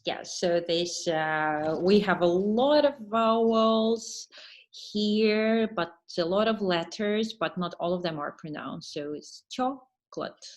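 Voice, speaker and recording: A woman teacher trainer giving an online webinar lesson, explaining patiently and pausing to read answers from the chat. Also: lowish voice.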